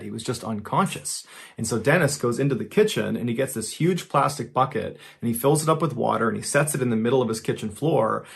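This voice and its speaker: A man's voice: mid-range voice, creaky, breathy edge. A man narrating a true crime story in a casual, conversational way, grave in tone.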